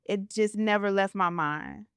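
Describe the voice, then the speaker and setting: Slow-talking woman, smooth clear voice. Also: mid-range voice, fairly bright tone, no room sound, studio quality. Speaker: podcast host. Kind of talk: casual podcast conversation.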